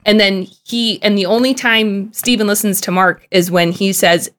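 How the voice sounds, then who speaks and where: A young woman co-hosting a casual podcast about a TV show, chatty and full of "like" fillers, with animated bursts. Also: mid-range voice, normal speed. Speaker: podcast co-host.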